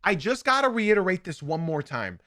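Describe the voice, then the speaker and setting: Young guy doing a sports pod, high bright voice, super animated, keeps repeating himself for emphasis. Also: normal speed. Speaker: podcast host. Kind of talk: sports podcast commentary.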